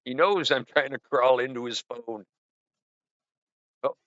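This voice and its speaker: A man's voice: mid-range voice, measured pace, a bit bright, dry recording. A man hosting a casual livestream, rambling and joking as he talks to his viewers. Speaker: livestream host. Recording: dry, dull lo-fi sound.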